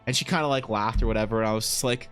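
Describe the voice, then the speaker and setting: A young man chatting casually on a live stream while he paints, telling stories in a rambling, animated way with lots of restarts. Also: fairly low pitch, very fast, smooth, soft background music. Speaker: Twitch streamer and artist.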